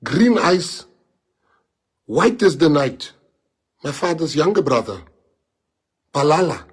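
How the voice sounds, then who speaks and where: Husky South African man, impassioned. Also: fairly high pitch, sing-song, takes it slowly. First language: Afrikaans. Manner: impassioned, repeats rhetorical questions. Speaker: politician addressing followers. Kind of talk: emotional live-streamed monologue.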